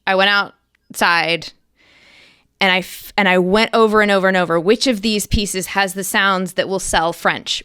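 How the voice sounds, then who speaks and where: A middle-aged woman, an actress, chatting as an interview guest and telling animated stories with lively quoted bursts. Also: lowish voice, clean tone, no room sound, clean studio sound. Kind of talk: casual interview chat.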